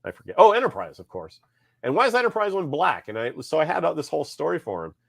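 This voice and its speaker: A man's voice: a little high, wildly swooping pitch, fast, gravelly, a bit bright, dry recording, studio quality. A man co-hosting a podcast, chatting casually and telling rambling stories, swearing and acting out quotes. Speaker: podcast co-host. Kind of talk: casual chat.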